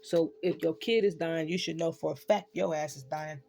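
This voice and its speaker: A woman's voice: low voice, fairly even intonation, moderate pace, vocal fry, a little mellow, soft background music. A woman ranting in a casual spoken monologue, swearing freely and tossing in "right?" again and again. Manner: profane, ranting, keeps asking "right?". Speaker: online spiritual speaker.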